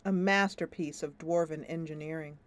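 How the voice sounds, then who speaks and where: A woman's voice: sits low, fairly even intonation, moderate pace. A woman streamer narrating a story-driven fantasy video game aloud, thoughtful and musing.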